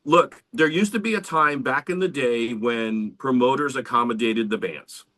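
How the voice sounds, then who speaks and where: A man chats on a podcast with a bright, forceful voice. He talks in an animated, casual way and swears freely. His pitch sits mid-range for a man. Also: moderate pace. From Central Florida, US. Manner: animated, swearing, lively storytelling. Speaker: podcast co-host, band member.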